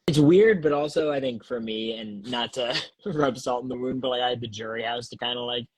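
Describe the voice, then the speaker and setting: A man's voice: medium pitch, a little fast, dry recording, poor audio. A man chatting as a guest over a phone video call, laid-back and rambling, worn out after partying and recovering from a cough. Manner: laid-back, rambling, lots of fillers and laughs. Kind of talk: casual chat.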